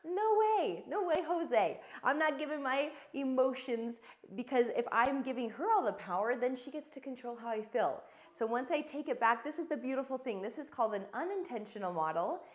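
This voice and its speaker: A woman in her thirties teaching as a coach, with a slightly high voice. She talks in a casual, earnest and encouraging way, acting out her examples. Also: expressive, a little fast, hardly any pauses.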